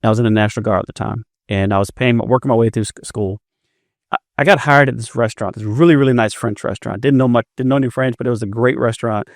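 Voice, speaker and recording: A man's voice: medium pitch, quick pace, no room sound, clean studio sound. A man in his fifties, a business guest telling stories in a casual interview, often repeating words as he starts a sentence. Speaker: entrepreneur guest.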